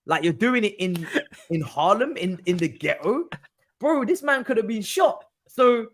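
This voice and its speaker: A man telling a story as a guest in a casual chat, slangy and animated. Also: measured pace, slight background noise. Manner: animated, slangy storyteller with lively pitch swings. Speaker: podcast guest.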